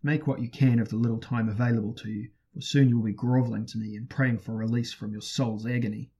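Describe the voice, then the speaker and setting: A man voicing a ruthless sorcerer prince who hurls loud, menacing threats, in a husky voice. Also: mid-range voice, steady tone, fast.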